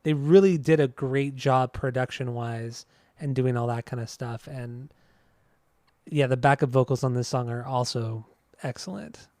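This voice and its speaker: A man co-hosting a music podcast, chatting in a relaxed, enthusiastic way about songs and how they were produced. His voice has an average pitch and a dry, close sound with no room echo. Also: unhurried. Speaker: podcast co-host. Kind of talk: casual chat.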